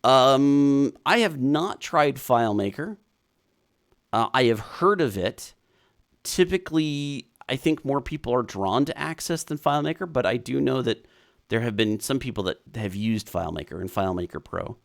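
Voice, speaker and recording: A man hosting a casual live stream, chatting and reading viewer comments aloud as he thinks out loud. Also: mid-range voice, lively intonation, normal speed, vocal fry.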